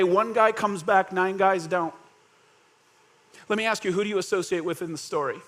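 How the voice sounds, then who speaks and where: A male pastor with a high-pitched, slightly bright voice gives a conversational sermon. He asks the congregation questions and acts out scenes using quoted voices.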